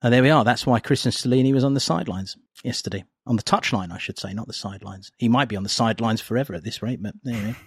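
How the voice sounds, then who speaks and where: A man hosting a casual football podcast, talking in animated, rambling asides and often laughing. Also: mid-range voice, racing, hardly any pauses, husky, no room sound, clean studio sound. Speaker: podcast host.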